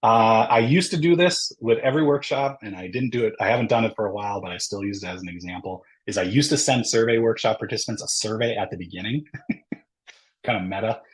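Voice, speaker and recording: A man's voice: on the low side, fairly quick, low-quality recording. A man presenting a webinar lesson, explaining step by step in a conversational way and often checking in with "right?" between points. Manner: conversational, frequent "right?" tag questions; explains step by step with ums and uhs. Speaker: workshop presenter. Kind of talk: webinar lecture.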